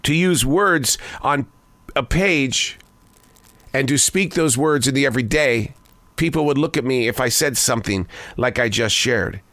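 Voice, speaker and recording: Older male host musing aloud, pitch wanders, slows for emphasis, dry close mic. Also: fairly bright tone, no room sound. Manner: musing, wandering pitch, quick bursts and slow emphatic phrases. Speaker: broadcaster and daily writer. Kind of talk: reflective spoken essay.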